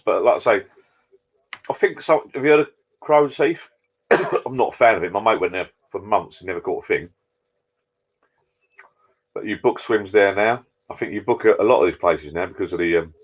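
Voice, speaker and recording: A low-voiced man bantering on a live stream. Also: husky. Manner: banter, cheeky jokes, reading out chat messages. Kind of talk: casual live-stream chat with viewers. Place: home garden bar.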